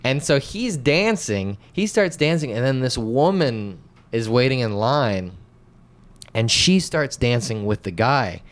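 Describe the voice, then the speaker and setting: A young man from North Carolina, a podcast co-host, telling a story in casual chat, animated and self-mocking, swearing and acting out quotes. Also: mid-range voice, a little slow.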